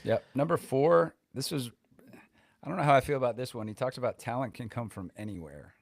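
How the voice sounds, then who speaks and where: A man's voice: medium pitch, a little fast, gravelly, no room sound. A man co-hosting a podcast in loose, conversational chat full of "you know" and "kinda". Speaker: podcast co-host. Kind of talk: casual chat.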